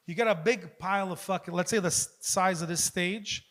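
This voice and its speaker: High, bright profane storyteller man. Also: a little fast. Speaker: comedian guest. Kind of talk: casual comedy podcast banter.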